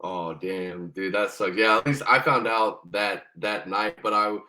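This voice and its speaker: A man's voice: fairly low pitch, a little slow, sharp tone, poor audio. A young man, a former Marine, telling his story as a podcast guest in a loose, profane way with many fillers and restarts. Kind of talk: casual storytelling.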